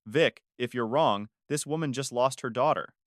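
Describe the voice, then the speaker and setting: A man's voice: medium pitch, moderate pace, no room sound, clean studio sound, close to an everyday voice. Man voicing a wary, blunt male friend. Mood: alarmed.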